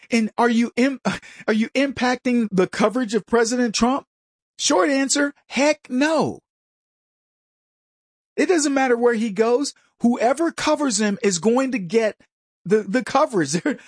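A man's voice: very high voice, animated, normal speed, slightly rough, no echo, clean studio sound. A man hosting a commentary show, delivering a combative, mocking opinion monologue and mimicking his opponents.

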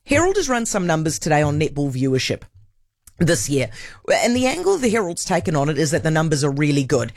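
A woman hosting a talk radio show, brisk, blunt and opinionated. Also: low-pitched, sing-song, darkish tone, no room sound, studio quality. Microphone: studio microphone.

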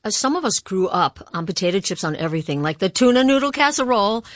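A woman's voice: mid-range voice, lively intonation, fast talker, no echo. Playful woman radio host, dry studio. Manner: playful, warm banter. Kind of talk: public radio conversation.

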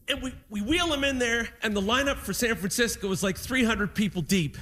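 This Canadian stand-up comedian has a very high voice and talks slightly fast. He animatedly tells a family story, acting out his relatives' voices.

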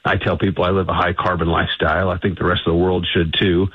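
A man's voice: sits low, little pitch movement, quick pace, husky, no echo. A man giving confident, emphatic answers as a guest in a radio interview. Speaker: energy think tank CEO, guest. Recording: tinny phone line.

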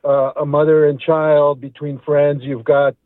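A man's voice: on the high side, level tone, measured pace, dry recording. Earnest male caller on a tinny phone line. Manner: earnest, reflective, repeats words as he talks. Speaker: radio caller. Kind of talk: call-in comment.

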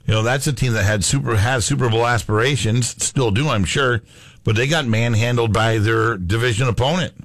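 A man's voice: mid-range voice, a little fast, no room sound. A man co-hosting a sports talk show, casual and jokey, bantering with his partner. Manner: jokey, banters, throws in put-on accents. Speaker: sports radio co-host.

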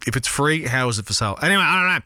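Excitable Australian radio host, lively voice. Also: male voice, medium pitch, rapid-fire, no echo, clean studio sound. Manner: excitable, rambling, swears freely. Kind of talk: casual radio chat reading listener texts. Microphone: studio broadcast mic.

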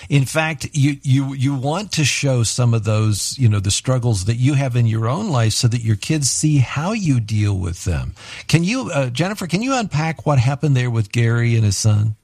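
A man hosting an interview, asking calm, measured questions. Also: mid-range voice, slightly rough, no echo, studio quality. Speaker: radio host.

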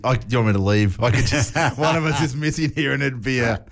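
A man's voice: mid-range voice, a little fast, gravelly. A man hosting a radio show, chatting casually, joking and laughing often.

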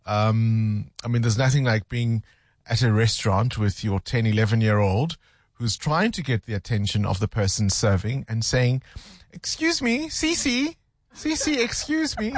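A man's voice: lowish voice, moderate pace, darkish tone, dry recording. A man hosting a breakfast radio show, chatting and teasing his co-hosts. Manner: teasing, coaxing, laughs easily. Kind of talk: casual radio chat. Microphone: studio microphone.

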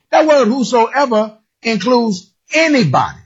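Raspy high-voiced preacher, shouting and lively. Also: male voice, normal speed, long pauses. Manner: animated, shouting, singsong emphasis. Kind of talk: sermon. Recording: dull lo-fi recording.

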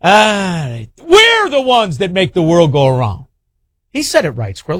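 Fiery high-pitched man hosting a call-in show. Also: very animated, unhurried, a bit bright, no room sound, studio quality. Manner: blunt, heated, ranting. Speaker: radio talk show host. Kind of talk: opinionated call-in talk.

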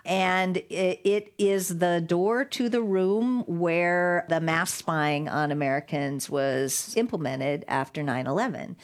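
A woman's voice: lowish voice, takes it slowly, hardly any pauses. A middle-aged woman, a guest lawyer, telling a story in an interview and acting out the quotes. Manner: animated storyteller, acts out quotes with laughs. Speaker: guest, digital rights lawyer.

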